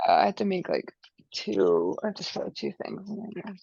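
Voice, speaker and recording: A woman with a gravelly, fry-edged voice walks viewers through a quilting block, talking casually while she works. The sound is dull and lo-fi, and the room is dry with no echo. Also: medium pitch, huge pitch swings, normal speed, dark tone. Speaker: quilting instructor. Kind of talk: live online sewing demonstration.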